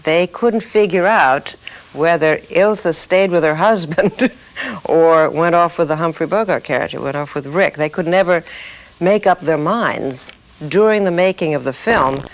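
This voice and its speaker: A man's voice: a little high, a little slow. A man being interviewed, recalling events in a conversational way. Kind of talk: recollection.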